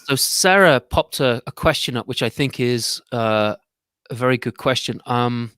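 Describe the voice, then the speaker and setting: A man hosts a casual video-call chat in a bright, forward voice that sounds dry and close. He rambles and often restarts his sentences. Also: medium pitch, moderate pace, clear, resonant tone, no echo. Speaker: host.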